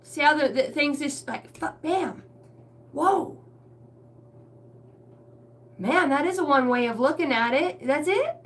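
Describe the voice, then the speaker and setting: Her voice sits high and sounds animated as she chats loosely to the camera. She's a spiritual reader who vlogs from a basement under a ring light, telling stories with quick asides, laughing frequently and swearing along the way.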